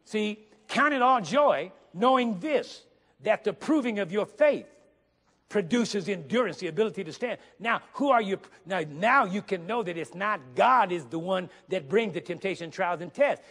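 A guest preacher with a high-set voice delivers an emphatic sermon in a church sanctuary, repeating key phrases, reading scripture slowly, and posing questions to the congregation. A long hall reverb fills the recording.

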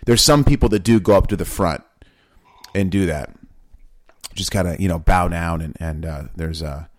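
A man co-hosting a casual talk about faith, talking in animated, rambling bursts with many restarts. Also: sits low, normal speed, no echo, clean studio sound. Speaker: podcast co-host.

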